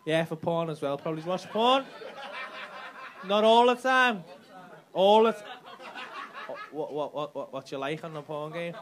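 A man doing brash, sweary stand-up crowd work on a comedy club stage, shouting his punchlines. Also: a little high, lively intonation, measured pace, long pauses. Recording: live club with audience laughter.

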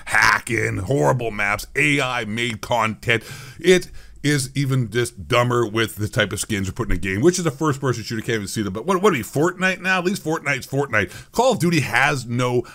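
A man's voice: mid-range voice, expressive, a little fast, pushed and bright. A man ranting sarcastically as a gaming YouTuber, exasperated and swearing often. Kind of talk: gaming commentary rant.

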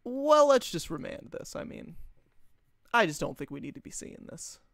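A man's voice: high-pitched, very animated, moderate pace, vocal fry, a bit bright, no echo, studio quality. A young man from the United States streaming a card game, chatting casually with his chat, joking and laughing often. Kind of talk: casual live-stream gameplay commentary.

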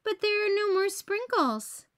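A woman voicing an eager young boy in a read-aloud picture book, speaking in quick exclamations. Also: extremely high pitch, expressive, fairly bright tone, voice pushed up, full character voice.

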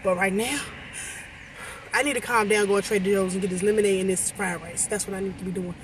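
A woman's voice: medium pitch, fast, noisy background. Giddy rambling woman vlogging from her car. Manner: excited, rambling, talks straight to viewers. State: losing her voice. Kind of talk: casual vlog chat to camera. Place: in a car in a shopping center lot. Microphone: phone camera held by hand.

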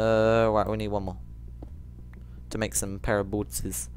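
A man giving rambling let's play commentary, jumpy and quick to shriek when startled. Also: on the low side, level tone, a little mellow, a little hiss or hum.

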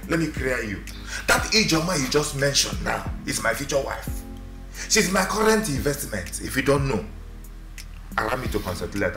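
An actor playing a suspicious, stingy older brother who runs a shop, speaking with a Nigerian accent in a fussy, scolding way. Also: male voice, medium pitch, roomy sound, natural voice. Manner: fussy, scolding, repeats himself. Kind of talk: Nollywood film drama.

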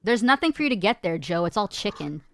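A woman's voice: mid-range voice, lively intonation, fast, a bit bright, slight background noise. A woman co-hosting a casual panel chat, blunt and outspoken with her opinions. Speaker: co-host.

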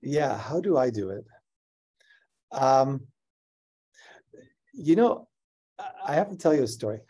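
A male scientist in a conversational interview, telling an animated story and laughing often. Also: medium pitch, slow pace, slightly rough. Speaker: scientist guest.

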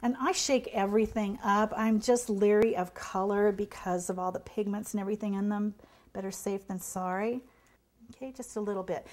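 Middle-aged lady pastry chef walking you through painting a cake, chatty and encouraging, mid pitch. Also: steady tone, fairly quick, darkish tone. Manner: chatty, encouraging, drops to a near whisper while working. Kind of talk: demonstration tutorial.

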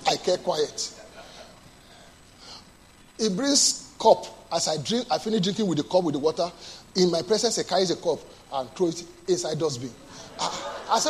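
A male pastor preaching a sermon, asking the congregation to answer and moving between quiet storytelling and loud bursts. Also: normal speed, slight background noise. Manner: call-and-response preaching, asks the congregation to answer; drops to a low soft storytelling voice, then bursts out loud.

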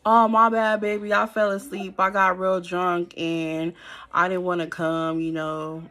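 A man's voice: high voice, little pitch movement, a little slow, sharp tone, full character voice. A woman voicing a sheepish young boyfriend who makes excuses in a casual, slangy drawl. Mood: apologetic.

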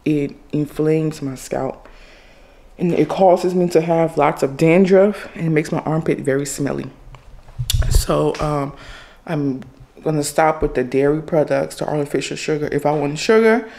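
Slow, chatty middle-aged woman vlogger. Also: low voice, mellow. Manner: chatty, addresses viewers directly as y'all. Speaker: family vlogger. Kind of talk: casual chat to camera. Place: home kitchen.

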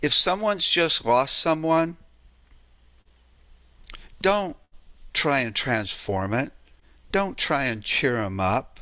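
A man's voice: medium pitch, sing-song, takes it slowly, pauses often, sharp tone, dry recording. A man giving an informal lecture on sound healing, telling stories in a conversational way and often asking "right?".

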